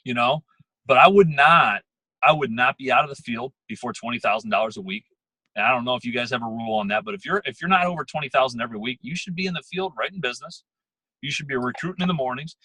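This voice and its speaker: A man giving a motivational talk to a sales team on a call, emphatic and quick, repeating words as he pushes his point. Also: medium pitch, expressive, pushed and bright, husky, no room sound, poor audio. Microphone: phone or computer call.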